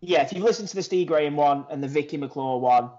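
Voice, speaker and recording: A man's voice: on the high side, fast, warm tone, muffled recording. A man with a Manchester accent co-hosting a podcast in casual chat, talking from outside in a garden. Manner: chatty, laughing, trailing off. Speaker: podcast co-host. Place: outdoors in a garden.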